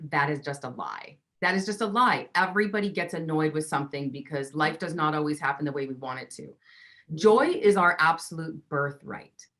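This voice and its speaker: A woman relationship coach, her voice lowish and fairly bright, teaches emphatically during an interview. She acts out the inner voices people hear in their heads.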